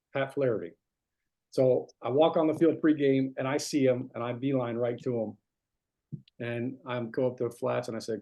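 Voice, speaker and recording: A man's voice: mid-range voice, warm tone. A middle-aged man from New Jersey, a guest speaker telling stories in a conversational way, full of fillers and restarts. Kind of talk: anecdotal storytelling talk.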